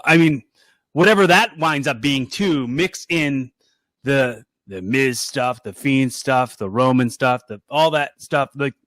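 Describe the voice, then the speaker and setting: A man's voice: mid-range voice, a bit bright, dry recording. A man co-hosting a wrestling podcast in casual chat, hesitant and often repeating his words. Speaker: podcast co-host.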